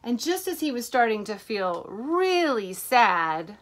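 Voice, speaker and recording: A woman teacher reading a picture book to children in an animated way, stopping to ask them questions. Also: on the high side, slow, a little hiss or hum.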